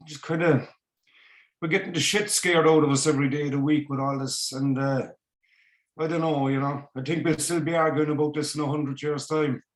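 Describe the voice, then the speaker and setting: A man's voice: on the high side, steady tone, a little fast. Laid-back man in an echoey room. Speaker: podcast panelist. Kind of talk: casual chat.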